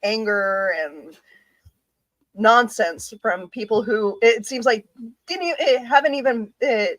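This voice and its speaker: A woman's voice: a little high, slow, fairly bright tone, dry recording, poor audio. A woman co-hosting a podcast, chatting casually, laughing often and restarting her sentences. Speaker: podcast co-host. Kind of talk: casual live-stream chat.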